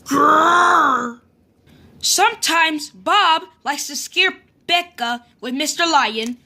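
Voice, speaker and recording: A woman reads a children's picture book aloud as the storyteller, animated and sing-song. Her voice sits very high and swoops widely. She takes it slowly, with a bright, clear edge.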